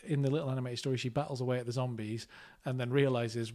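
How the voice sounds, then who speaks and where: A man's voice: medium pitch, steady tone, fast, darkish tone. A man co-hosting a film podcast, chatting casually and telling rambling stories with fillers and restarts. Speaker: podcast co-host. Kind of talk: casual chat about films.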